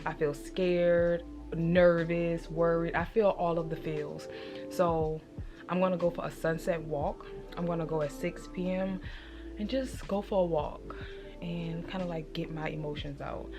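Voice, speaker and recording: A woman's voice: on the low side, steady tone, unhurried. A young woman chatting at home in a confiding vlog diary, open about her feelings. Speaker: vlogger. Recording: music playing underneath.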